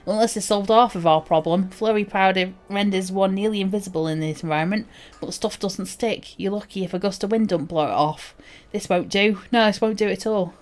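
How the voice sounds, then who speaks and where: A woman voicing a gruff older fantasy quest-giver, in a put-on folksy accent and drawn-out delivery. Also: medium pitch, a little mellow, soft background music, lightly acted. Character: gruff older quest-giver who complains about youth.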